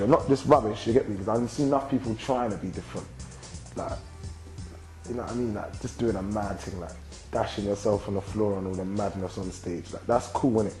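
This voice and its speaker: In a low, mellow voice with a gravelly fry, a young London man in his twenties, a rapper and actor, answers interview questions in a loose, slang-heavy flow. He constantly tags lines with "you get me," while faint music plays behind the low-quality recording.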